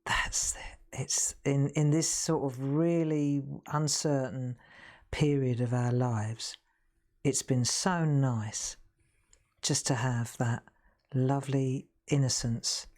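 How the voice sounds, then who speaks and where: A woman's voice: extremely low pitch, fairly even intonation, slow pace, darkish tone. A middle-aged woman, chatting casually and laughing often while demonstrating crafts on a live stream.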